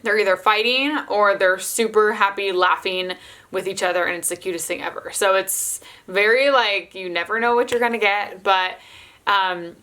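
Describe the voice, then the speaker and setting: A woman's voice: mid-range voice, moderate pace, pushed and bright. A young adult woman, a mother of toddlers, chatting casually to camera and filling her speech with "like". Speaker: mother of toddler twins, vlogger.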